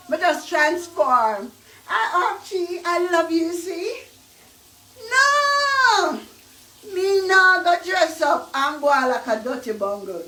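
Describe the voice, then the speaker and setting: A woman's voice: sits high, a bit bright, roomy sound, low-quality recording. A woman with a Jamaican accent, ranting and taunting in a vlog with heavy patois. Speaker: vlogger. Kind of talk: ranting monologue.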